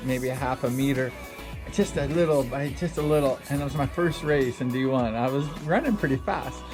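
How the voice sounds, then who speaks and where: A middle-aged man, a former speedway racer, telling a rambling story full of repeated fillers. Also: on the high side. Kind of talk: casual storytelling. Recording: loud music underneath.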